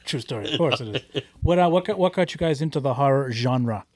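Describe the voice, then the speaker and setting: A man hosting a casual podcast chat, asking quick questions and cracking jokes. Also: medium pitch, expressive, a little mellow, no echo, clean studio sound.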